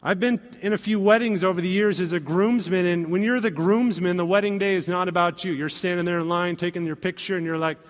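A man preaching a sermon in an animated way, acting out quoted voices with humor. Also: high-pitched, brisk, few pauses, big-room sound. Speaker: pastor.

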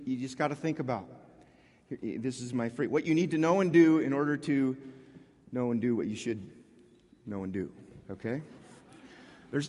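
A man preaching a sermon as a pastor, talking in a conversational way with frequent restarts and animated asides. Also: mid-range voice, husky, long reverb tail.

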